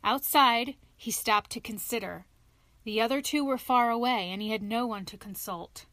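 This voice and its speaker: A woman narrating a classic storybook in an expressive, lively reading voice. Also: fairly high pitch, normal speed, no room sound.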